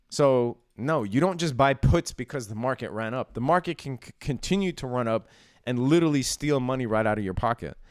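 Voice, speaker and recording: A man's voice: mid-range voice, no echo. Emphatic chatty man, dry close sound. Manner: emphatic, chatty, says "dude" and "right?" a lot. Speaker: stock market live-stream host. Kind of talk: casual live-stream market commentary.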